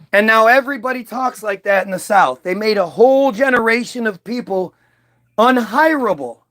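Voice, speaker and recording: With a high-pitched, slightly bright voice, this man rants angrily and profanely to camera as a video commentator. His monologue wanders through frequent restarts and trailing asides, and he is an adult who can recall early-2000s hits.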